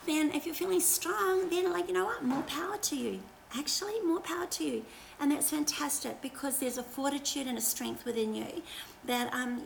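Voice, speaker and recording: A woman's voice: fairly high pitch, slight background noise, low-quality recording. A woman pastor giving a casual, encouraging devotional talk on a livestream, chatty, with many fillers.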